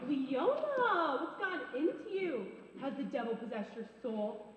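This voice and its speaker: A woman's voice: high voice, big pitch swings, a little slow, distant mic. A woman playing a prim, fussy neighbor on a church stage who tries to sweet-talk and soothe, recorded in an echoey hall. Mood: soothing.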